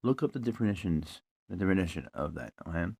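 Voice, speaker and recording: A man's voice: low voice, sing-song, quick pace, gravelly, a little mellow, husky. A young man ranting bluntly and profanely into a broken phone mic in his living room. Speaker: vlogger. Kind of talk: angry ranting monologue. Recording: lo-fi phone recording.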